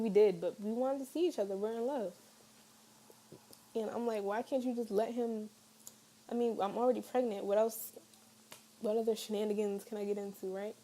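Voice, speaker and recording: A woman's voice: medium pitch, a little mellow, a little hiss or hum, poor audio. A young woman telling a personal story to camera in a casual storytime vlog, candid and chatty with lots of fillers. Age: young adult. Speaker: vlogger.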